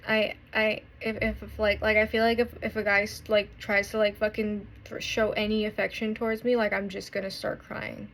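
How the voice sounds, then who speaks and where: A woman in her twenties talking through a painful breakup in a confessional vlog, halting and swearing often, with many restarts. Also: medium pitch, little pitch movement, gravelly, a bit bright. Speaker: vlogger.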